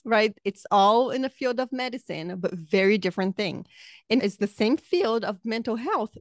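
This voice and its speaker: A woman's voice: mid-range voice, no echo, studio quality. A woman hosting a casual podcast monologue as a life coach, effusive and upbeat with chatty asides, her throat slightly sore.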